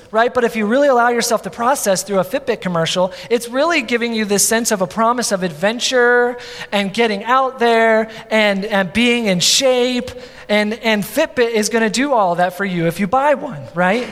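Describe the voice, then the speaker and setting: A man in his thirties preaching a sermon as pastor, animated, with many repeats and asides. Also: very high-pitched, moderate pace. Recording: long hall reverb.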